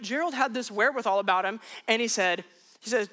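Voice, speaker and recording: A woman's voice: on the high side, brisk, a bit bright, a faint crowd. A woman pastor preaching, telling a personal story in a loose, conversational way with frequent restarts. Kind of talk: sermon told as a personal story.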